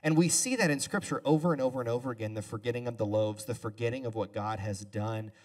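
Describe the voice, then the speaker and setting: A male pastor giving a relaxed sermon as a two-person conversation, casual and chatty with joking asides. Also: mid-range voice, quick pace. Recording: voice a bit far from the mic.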